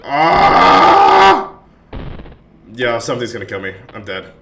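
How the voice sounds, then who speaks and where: A man's voice: mid-range voice, a little slow. A young man giving panicky, jumpy commentary while playing a horror game and talking to himself. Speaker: gaming YouTuber. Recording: roomy, distant mic, faint hiss.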